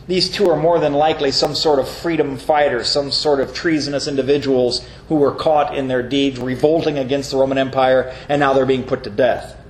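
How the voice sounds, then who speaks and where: A man delivering a sermon from the pulpit, earnest and explanatory as he works through a scripture passage. His voice sits a little high for a man. The recording carries a roomy echo with faint ambience behind it. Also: a little hiss or hum. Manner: earnest, reads scripture aloud with brief mocking voices. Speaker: pastor. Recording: echoey room with faint ambience.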